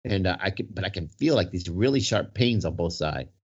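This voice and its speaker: A man's voice: low-pitched, lively intonation, brisk, husky. A man telling a long personal story in casual conversation, rambling and checking in with "right?" as he goes. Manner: rambling, full of "right?" and restarts. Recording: dull lo-fi sound.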